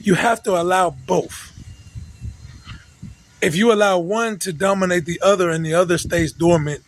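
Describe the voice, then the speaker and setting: A man's voice: high voice, steady tone, moderate pace, long pauses, poor audio. A man delivering a preachy, repetitive monologue straight to his listeners, hammering his points with restarts. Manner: repetitive, emphatic, with frequent restarts. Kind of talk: preachy direct-address monologue.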